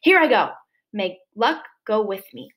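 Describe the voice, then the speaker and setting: A woman's voice: mid-range voice, lively intonation, measured pace, a bit bright. A woman voicing a proud, formal male swan father in a read-aloud storybook. He talks in a lofty, earnest and long-winded way. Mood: resolute.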